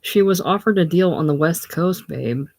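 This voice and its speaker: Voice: medium pitch, normal speed, gravelly, darkish tone, no echo. A reader voicing a blunt, streetwise young male hustler with coarse, slangy talk in a casual play reading. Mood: grim.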